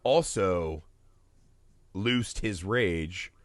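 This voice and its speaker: A man hosting a casual film podcast, talking in an animated, profane way and acting out movie scenes. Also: deep voice, extremely slow, dry recording. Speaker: podcast host.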